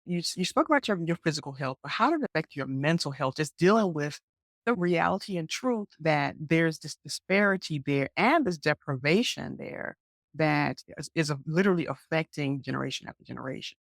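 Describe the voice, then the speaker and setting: A woman's voice: deep voice, expressive, brisk, creaky, no echo, clean studio sound. A woman hosting a podcast, reflecting her guest's words back in an affirming conversational way. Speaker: podcast host. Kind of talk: interview conversation.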